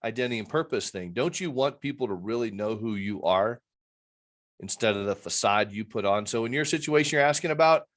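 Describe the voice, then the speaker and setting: A man's voice: on the low side, expressive, a little fast, a bit bright. A man who works as an addiction interventionist, a guest on a video-call interview, talking in an earnest, rambling way and acting out the people he quotes.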